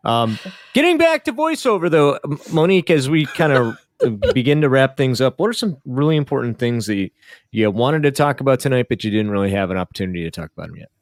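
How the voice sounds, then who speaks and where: A man hosts a podcast in an animated, self-deprecating way, his pitch moving a lot. His voice is recorded close and dry, and he sounds lively as he steers the talk. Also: fast, dry recording. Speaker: podcast host. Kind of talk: casual podcast conversation.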